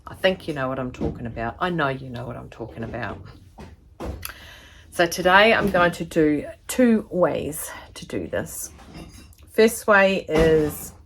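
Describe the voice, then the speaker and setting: Low-voiced chatty New Zealand woman. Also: expressive, measured pace, slight background noise. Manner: chatty, rambling, fond of asides. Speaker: sewing tutor. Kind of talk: casual tutorial chat to camera. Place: home sewing studio indoors.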